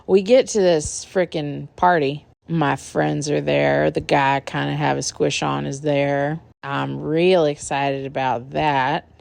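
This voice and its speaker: Deep-voiced woman with vocal fry, rambling casual storyteller. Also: steady tone, slow, hardly any pauses, a little mellow, dry recording. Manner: candid, profane, rambling.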